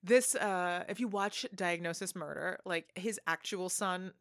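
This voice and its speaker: A young adult woman in a casual podcast chat, talking in a lively, chatty way with lots of fillers and asides. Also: fairly low pitch, measured pace, no echo, clean studio sound. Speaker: podcast co-host.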